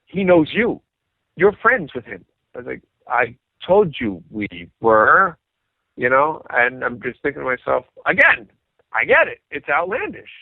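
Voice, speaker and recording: His voice is a little high and creaky, and he speaks at a moderate pace. This musician guest tells stories animatedly in a casual interview, acting out what others said, over a dry, tinny, phone-like line with no echo.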